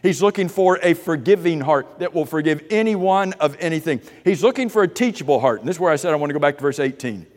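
A man's voice: fairly high pitch, lively intonation, quick pace, few pauses, darkish tone. A male pastor delivers a sermon in a slightly raised voice. He keeps asking his listeners questions and puts on the voices of doubters. A long hall reverb trails behind every phrase.

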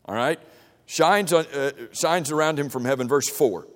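A man's voice: fairly high pitch, moderate pace. A man teaching an interactive Bible class in a church room, reading verses and questioning the group in a casual, conversational way with frequent restarts. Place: church meeting room with a projector. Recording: long reverb of a large room.

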